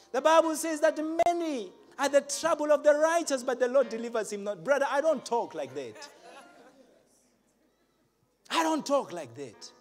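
Male preacher, high and very expressive pitch, shouting then dropping low, soft music underneath. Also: normal speed, pauses often. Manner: animated, swings from shouts to low asides, laughs often. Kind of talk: lively church sermon. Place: church hall with congregation.

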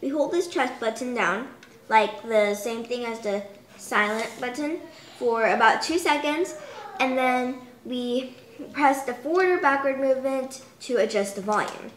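A woman's voice: on the high side, a little slow, echoey room, slight background noise. A young woman showing off a toy in a chatty home video, stringing thoughts together with many fillers. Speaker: toy demonstrator. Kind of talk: casual product demo.

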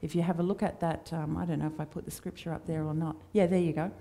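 Woman preaching, dark mellow voice. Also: low voice, little pitch movement, fast talker, gravelly. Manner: conversational, warm storytelling with acted quotes. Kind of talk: sermon. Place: church.

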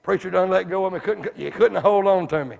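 A man preaching a sermon in a church, folksy, dropping to hushed asides and rising to shouts. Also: sits high, fairly quick, vocal fry, muffled recording. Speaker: evangelist preacher. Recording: reverberant hall.

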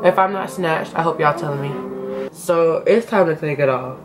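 A young woman talking straight to her camera in a loose, slangy way, walking her viewers through her makeup. Her voice sits a little low for a woman. A faint hiss of room noise hangs behind her. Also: moderate pace. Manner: chatty, slangy, addresses viewers as y'all. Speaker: beauty vlogger. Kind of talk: casual makeup tutorial talk.

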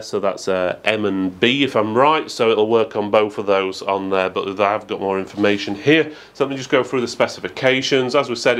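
Low-voiced man reviewing tech. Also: a bit bright. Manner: methodical, matter-of-fact, with frequent "uh" fillers. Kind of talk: product review.

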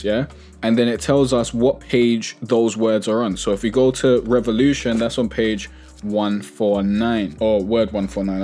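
Young guy hosting a music tutorial, chatty and relaxed, talks it through casually. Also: medium pitch. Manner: relaxed, chatty, self-correcting, plugs own products.

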